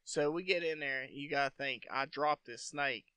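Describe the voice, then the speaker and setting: Bright-voiced, profane male storyteller. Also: fairly high pitch, normal speed, smooth, no room sound. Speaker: podcast host. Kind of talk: casual storytelling chat.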